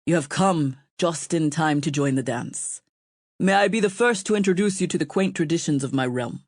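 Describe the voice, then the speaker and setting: A woman's voice: deep voice, expressive, normal speed, darkish tone, dry recording, clean studio sound. A woman voicing a brash young male king who speaks in a tight, clipped and bristling way. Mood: smooth charming.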